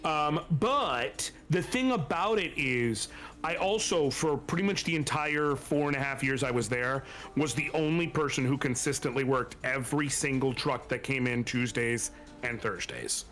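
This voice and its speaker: A man's voice: medium pitch, moderate pace, fairly bright tone. A man in his thirties co-hosting a stream, telling emphatic, casual anecdotes with some swearing and speaking straight to the audience. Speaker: stream co-host.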